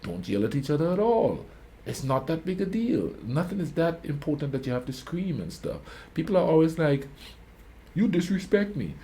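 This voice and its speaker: Hosting a reaction video, a man with a fairly high voice and big pitch swings talks briskly through rambling, casual anecdotes, often asking "you know what I mean?". It's casual storytelling commentary, and he calls himself a quiet talker.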